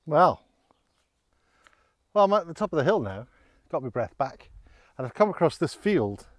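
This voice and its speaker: A man's voice: fairly high pitch, very animated, moderate pace, no room sound, clean studio sound. A man narrating a casual walking vlog outdoors in open countryside, chatty and rambling, a little out of breath on the climbs. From Scotland. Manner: chatty, rambling, self-deprecating. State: out of breath on an incline. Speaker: vlogger on a countryside hike.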